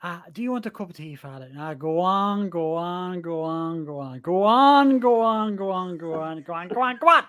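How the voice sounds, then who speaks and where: A man's voice: sits high, animated, moderate pace, hardly any pauses, fairly bright tone, smooth. A man voicing an insistent elderly Irish housekeeper woman who keeps pressing tea on a priest and repeating herself. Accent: put-on Irish.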